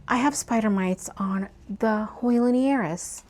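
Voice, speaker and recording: Slow, soft-spoken woman vlogger. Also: on the high side. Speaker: plant vlogger. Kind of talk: casual narration while working.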